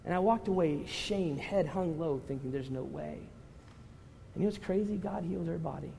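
A male pastor preaching to a congregation, conversational with loud impassioned rises. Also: high-pitched, fairly quick, gravelly, a little hiss or hum. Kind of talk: sermon. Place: church hall with congregation. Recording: reverberant hall with faint ambience.

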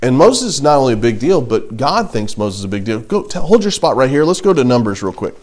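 Male Bible teacher, mid pitch, chatty classroom delivery with asides. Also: big pitch swings, a little fast, a little mellow. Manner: conversational, reads scripture aloud with asides and jokes.

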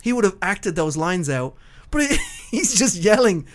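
Male podcast host in loose, rambling conversation, with frequent swearing and easy laughter; slightly higher-than-typical voice. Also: very animated, a little slow. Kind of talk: casual chat.

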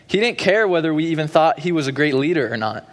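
A man's voice: on the high side, lively intonation, fast. A young man giving a sermon as pastor in a church, preaching in a conversational way with frequent fillers. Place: church sanctuary. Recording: long hall reverb.

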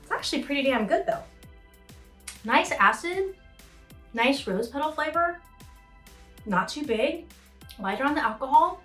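A woman's voice: high-pitched, expressive, moderate pace, long pauses. A woman author hosting her own show, chatting casually and laughing easily. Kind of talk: casual commentary chat. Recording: echoey room with faint music.

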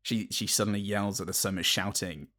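A man with a somewhat low voice co-hosts a film podcast. He picks over scenes with frequent stops and restarts and a dry sense of humour. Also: steady tone, a little fast, pushed and bright. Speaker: podcast co-host. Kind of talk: casual film review chat.

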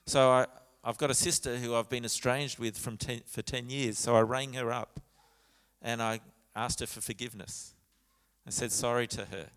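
A man's voice: medium pitch, fairly even intonation, normal speed, a bit bright, smooth. A man, a pastor telling a story in a sermon with quoted dialogue and frequent restarts. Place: church sanctuary. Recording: church hall with long reverb.

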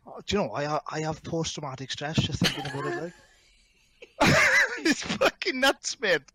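A man's voice: a little high, sing-song, normal speed, pushed and bright, breathy edge, no echo. A Welsh man telling wild stories as a podcast guest, swearing heavily, laughing and calling everyone mate. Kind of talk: casual storytelling chat.

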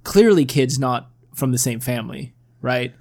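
A man's voice: medium pitch, animated, moderate pace, vocal fry, darkish tone. A man in casual chat as a podcast co-host, rambling with lots of fillers and the odd swear word.

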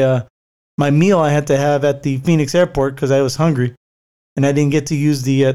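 A man with a somewhat high voice tells a long travel story in a loose, rambling way. He swears freely and fills his talk with "uh" and "like." He restarts his sentences often and laughs easily. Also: darkish tone, smooth. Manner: rambling, profane, many fillers and restarts. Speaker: traveler recounting a work trip. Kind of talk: casual storytelling chat.

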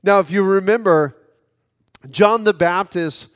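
A man's voice: high-pitched, measured pace, fairly bright tone, clean tone. A male pastor preaching a sermon in an earnest way, often repeating a word as he restarts. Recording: long hall reverb.

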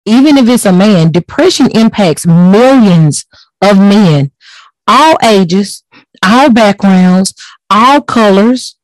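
A woman's voice: mid-range voice, expressive, slow, no room sound, poor audio. A woman talks in a casual podcast. She sounds earnest and emphatic and leans on repeated words to drive her points home. Her voice is recorded dry and close to the mic. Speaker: host.

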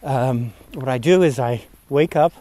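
A priest podcaster recording a casual vlog outdoors while walking, a bit out of breath, talking in a rambling, easily distracted way. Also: male voice, mid-range voice, unhurried, dark tone. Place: outdoors on a walk at sunset.

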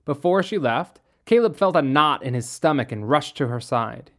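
A narrator reading a youth novel aloud. The voice sits at a middle pitch and keeps an even, unhurried storytelling rhythm throughout. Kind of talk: audiobook reading.

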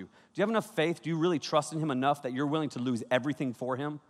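A man preaching a youth sermon, energetic and conversational, with sudden loud bursts. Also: medium pitch, very fast, few pauses. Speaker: youth pastor. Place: large auditorium. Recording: reverberant hall.

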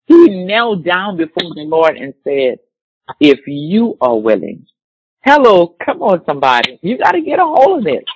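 Preacher, male, slightly high husky voice, emphatic repetition, dry close recording. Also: dry recording, lo-fi sound. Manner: slow emphatic scripture reading, repeating key words. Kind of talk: sermon with scripture reading.

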